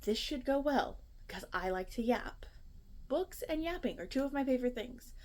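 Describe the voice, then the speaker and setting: Talking to her phone camera at home, a twenty-something booktuber rambles casually and seems slightly nervous. She speaks at a normal speed in a high, slightly mellow voice with lively intonation.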